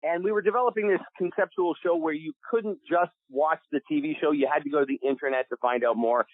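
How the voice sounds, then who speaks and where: A middle-aged man from Canada telling stories as a podcast guest, animated and casual, restarting sentences and swearing freely. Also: fairly high pitch, fast talker, no echo. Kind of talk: storytelling interview. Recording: dry, tinny phone-like sound.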